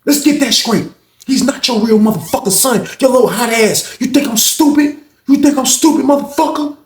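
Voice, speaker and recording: A man voicing an older male inmate who is paranoid and keeps cussing, shouting and repeating himself. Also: sits high, expressive, moderate pace, vocal fry, recorded from a distance, pitched above the performer's own voice, heavily acted. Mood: ranting. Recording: roomy echo.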